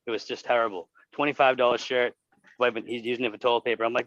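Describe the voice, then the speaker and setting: A man on a casual podcast, telling crude job-site and stadium stories full of swearing. He speaks at a middle pitch. The sound is dull and dry, slightly lo-fi. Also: fast, no echo. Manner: swears constantly, animated storytelling.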